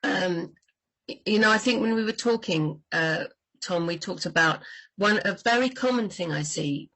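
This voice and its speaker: Husky lady book doctor, chatty and lively, kinda low voice. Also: moderate pace, rough recording. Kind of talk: livestream chat about writing.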